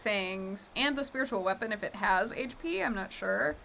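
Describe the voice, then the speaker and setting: A woman's voice: medium pitch, lively intonation, normal speed, creaky, sharp tone, a little hiss or hum. A woman running a live tabletop game as game master, narrating in an easygoing way with frequent laughs and fillers.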